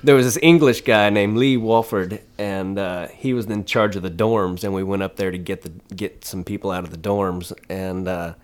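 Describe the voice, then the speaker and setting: A man's voice: sits low, steady tone, normal speed, few pauses, clear, resonant tone. A man, a stand-up comedian, telling loose stories in casual chat, laughing and swearing as he rambles. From United States. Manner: rambling, laughing, swears often, many restarts.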